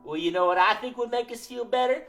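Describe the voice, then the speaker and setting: Gentle woman hosting a kids' show. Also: a little high, fast, music in the background. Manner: gentle, encouraging, talks to kids directly. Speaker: children's show host. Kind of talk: casual children's show, singing and chatting.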